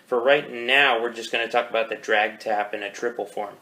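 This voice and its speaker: A man's voice: medium pitch, fairly even intonation, brisk. A man teaching drum rudiments, counting beats aloud in a casual, self-correcting way. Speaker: percussion teacher. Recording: loud background noise.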